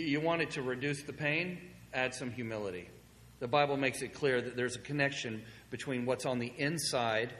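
Male pastor, sermon delivery, chatty storyteller, long reverb of a big hall, faint hiss. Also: mid-range voice. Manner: conversational storytelling, animated when quoting himself.

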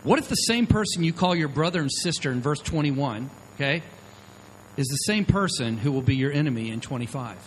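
A man's voice: fairly high pitch, expressive, brisk, slight background noise, low-quality recording. A middle-aged man preaching as a pastor, telling stories in a conversational way and often checking in with "okay?". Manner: conversational storytelling, frequent "okay?" check-ins. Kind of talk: sermon.

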